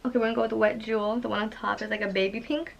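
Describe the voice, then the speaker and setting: A woman's voice: mid-range voice, little pitch movement, rapid-fire, gravelly, lo-fi sound, a little hiss or hum. A young woman vlogging an unboxing, gushing over each item with gasps and lots of fillers. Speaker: beauty vlogger. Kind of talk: excited unboxing vlog.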